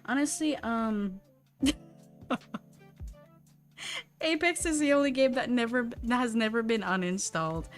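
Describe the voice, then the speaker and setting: A woman's voice: on the high side, normal speed, faint music behind. A young woman chatting on a livestream while she draws, rambling, swearing and laughing often. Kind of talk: casual chat while drawing.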